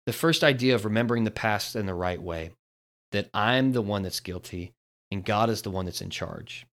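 A man's voice: on the low side, normal speed, fairly bright tone. A man hosting a devotional podcast, talking in an earnest, storytelling way. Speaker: podcast host.

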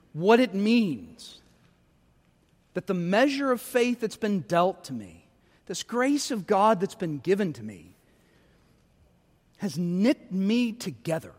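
A middle-aged man preaching a sermon as pastor, talking conversationally and poking fun at himself, often checking in with a quick "right?". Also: sits high, big-room sound. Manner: conversational, self-deprecating, frequent tag questions. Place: church sanctuary.

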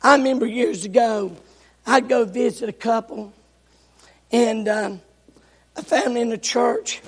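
A male pastor preaching a sermon, telling folksy stories with bursts of shouting, recorded in a church sanctuary. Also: very high-pitched, measured pace, slightly rough. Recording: echoey church hall.

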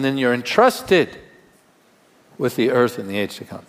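A man's voice: mid-range voice, very animated, moderate pace, long pauses, in a large hall. A male pastor giving a sermon in a conversational way, with rhetorical questions and humor.

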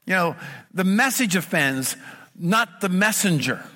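Unhurried and with lively intonation, a middle-aged male pastor preaches earnestly and emphatically, building up repeated phrases one after another. His somewhat high, bright, forceful voice carries a long reverb through the sanctuary.

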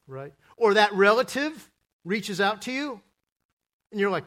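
Male pastor, higher pitch, animated sermon delivery with acted-out scenes. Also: moderate pace. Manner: animated, acts out biblical characters in voices.

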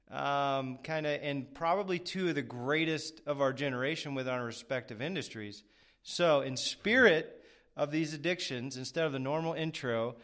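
Male podcast host, young adult, smooth resonant voice, rambling self-deprecating chat. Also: a little high, fairly bright tone. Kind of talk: casual interview chat.

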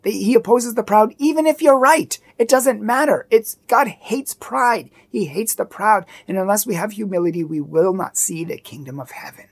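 A woman's voice: mid-range voice, moderate pace, hardly any pauses, husky. A woman giving an earnest, emphatic Catholic teaching talk, acting out the attitudes she describes. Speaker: Catholic speaker.

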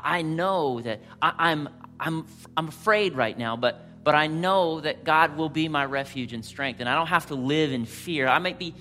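A pastor preaching a sermon with passion, rising to loud emphasis and then dropping to a quiet, intimate tone. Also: male voice, on the high side.

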